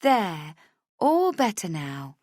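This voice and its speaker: A woman's voice: on the high side, lively intonation, a little slow, no room sound, clean studio sound, pitched above the performer's own voice. A woman voicing a chatty, soothing girlfriend. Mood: teasing. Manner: soothing, teasing, bossy. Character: caring, chatty young woman friend.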